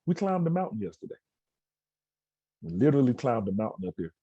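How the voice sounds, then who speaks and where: A man's voice: medium pitch, very animated, a little fast, husky, dry recording, lo-fi sound. A man giving a motivational talk to students over a video call, telling a story and acting out the quoted dialogue. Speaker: keynote speaker. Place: indoors at an outdoor education center.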